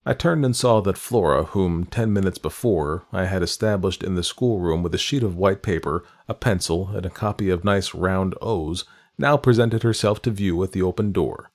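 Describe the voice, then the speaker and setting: A man reading a classic novel aloud as narrator, measured and literary in his delivery. His voice sits on the low side, and the long, winding sentences are paced with care. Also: darkish tone. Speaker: audiobook narrator.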